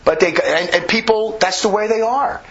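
A man's voice: sits high, moderate pace, fairly bright tone. A man preaching an impassioned sermon, emphatic and rambling, often restarting his sentences. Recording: dull lo-fi recording.

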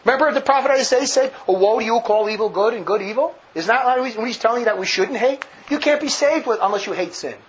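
Fiery, sarcastic high-voiced man. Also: quick pace, few pauses. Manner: emphatic, sarcastic, laughs at his own jabs. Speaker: religious commentator. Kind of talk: ranting commentary on a speech. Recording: dull lo-fi with faint noise.

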